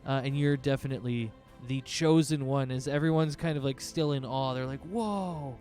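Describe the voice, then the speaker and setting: A man's voice: medium pitch, fairly even intonation, brisk, darkish tone, faint music behind. A man narrating as game master in a loose, rambling way, with lots of fillers.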